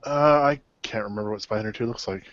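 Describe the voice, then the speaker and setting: A man's voice: on the low side, fast, fairly bright tone. Matter-of-fact man, lo-fi line. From Canada. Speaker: podcast host. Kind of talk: casual chat. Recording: dull lo-fi dry audio.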